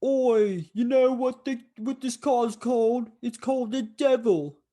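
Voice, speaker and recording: Cocky young crook, shouty and brash, pitched high above the speaker's own voice, as a man puts him on. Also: measured pace.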